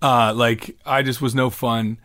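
Speaking at a measured pace with little pitch movement, this middle-aged US musician has a mid-range, slightly bright voice. As an interview guest he talks conversationally, rambling, self-deprecating and often restarting.

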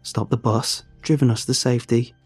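A man's voice: mid-range voice, fairly even intonation, moderate pace, husky, no room sound, soft background music. A man voicing a teasing boy ghost who grins as he talks to an old friend. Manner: teasing and upbeat.

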